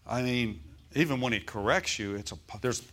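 A man's voice: medium pitch, normal speed, a bit bright. A man preaching a sermon to his church in an easygoing style, often asking the congregation whether they follow him. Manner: conversational preaching, asks the congregation for agreement. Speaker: pastor.

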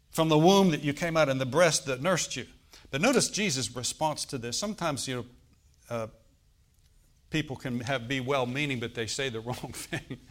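A man's voice: medium pitch, a bit bright. A man preaching a sermon to his congregation, conversational, checking in with "amen" and lifting his voice for emphasis. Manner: chuckles and rises in volume for emphasis. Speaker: pastor. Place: church service.

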